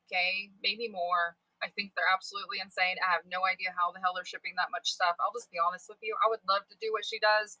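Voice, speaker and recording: Bright, chatty woman livestream seller. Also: mid-range voice, level tone, fast talker, few pauses, no room sound, poor audio. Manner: chatty, candid, swears, wanders off topic. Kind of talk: casual livestream chat.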